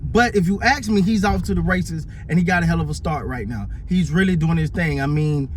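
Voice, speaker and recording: A man giving casual, animated sports commentary, often stumbling over and repeating his words. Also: fairly high pitch, fairly quick, a little hiss or hum.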